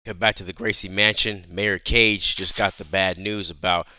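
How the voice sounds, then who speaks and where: A man hosting a casual comic book recap in a chatty, animated storytelling manner. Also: low voice, normal speed, slight background noise.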